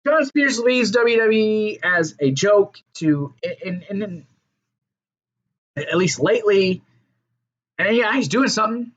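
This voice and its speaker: In lo-fi sound, a man with a high-sitting, animated voice reviews a wrestling show solo at a slow pace, pausing often. He rambles casually, swears freely, and trails off into fillers and restarts.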